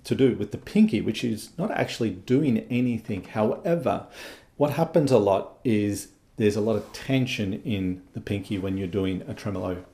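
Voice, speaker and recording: Male guitar instructor, calm explainer, deep-ish and dark in tone. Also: normal speed. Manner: patient, explanatory, checks in with "okay?". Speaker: guitar teacher. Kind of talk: instructional lesson.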